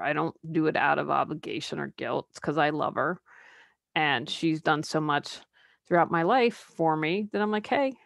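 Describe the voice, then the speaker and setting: Low-voiced woman coaching in a podcast. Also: gravelly, fairly bright tone, no room sound, clean studio sound. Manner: conversational, drops into mocking put-on quotes; candid, personal asides. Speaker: life coach and podcast host. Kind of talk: solo podcast monologue.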